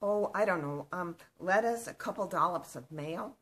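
A woman's voice: lowish voice, expressive, moderate pace, slight background noise, lightly acted. An actress playing an awkward woman who keeps trying to leave the conversation. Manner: awkward, evasive. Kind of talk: cold-read scene.

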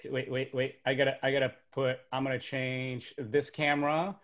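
A man, a magician and speaker in his thirties, telling comic personal stories to a virtual audience on a webcam setup, animated, and dropping to quiet for serious beats. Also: mid-range voice, normal speed. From Burbank, United States. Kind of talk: stand-up storytelling for a virtual audience.

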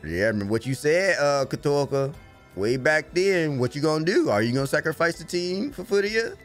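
A young man hosting an anime reaction, casual and slangy, swinging from low grumbling to loud cheering as he talks to the screen. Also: big pitch swings, brisk, soft background music. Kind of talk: excited reaction commentary.

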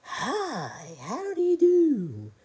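A woman voicing a big, scary male shark in a homemade stuffed-animal story, talking slowly with swooping pitch. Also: huge pitch swings, mellow, husky, exaggerated voice. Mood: friendly.

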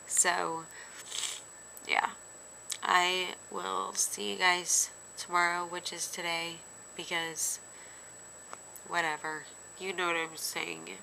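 Slow, gravelly woman vlogging tearfully. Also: on the low side, bright, forceful tone, a little hiss or hum, poor audio. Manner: tearful, rambling with many fillers. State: teary. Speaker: daily video diarist. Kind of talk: emotional personal vlog.

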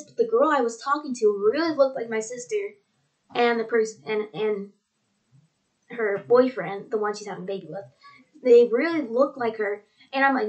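A woman's voice: high-pitched, poor audio. A young woman telling her dream to viewers in a casual, rambling way, repeating herself and using many fillers. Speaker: vlogger.

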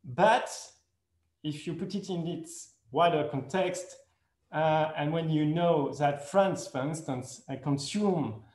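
Sex: man. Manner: slow, hesitant non-native English. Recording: echoey room. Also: on the high side, darkish tone. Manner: hesitant, many pauses and fillers, self-correcting; speaks English as a second language. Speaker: conference speaker. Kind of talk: online conference presentation.

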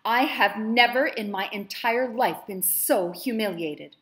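A woman reading aloud voices a cruel, enraged wealthy mistress who shouts in a shrill, raised voice. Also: big pitch swings, normal speed. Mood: furious.

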